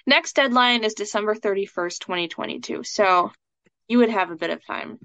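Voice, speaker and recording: A woman's voice: medium pitch, normal speed, fairly bright tone, dry recording. A woman coaching a student through a live session, chatty and casual, with plenty of "like" and "um". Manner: chatty, fills speech with "like" and "um". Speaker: scholarship coach. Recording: dull lo-fi sound.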